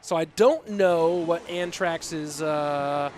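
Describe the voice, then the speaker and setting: A man casting a live esports match, excitable and rambling, with chatty asides to the viewers. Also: fairly high pitch, slow, slight background noise. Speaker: esports caster and streamer. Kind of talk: live esports commentary with chat reading.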